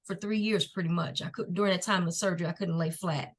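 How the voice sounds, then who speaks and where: A middle-aged woman, a podcast guest and nonprofit founder, telling her personal story in an earnest, faith-filled and unhurried way. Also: fairly low pitch, fairly even intonation, slightly rough. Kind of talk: personal testimony in a podcast interview.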